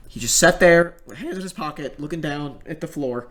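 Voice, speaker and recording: A man's voice: fairly high pitch, brisk, fairly bright tone. A young man telling a story in casual commentary, rambling and swearing, with many fillers and restarts.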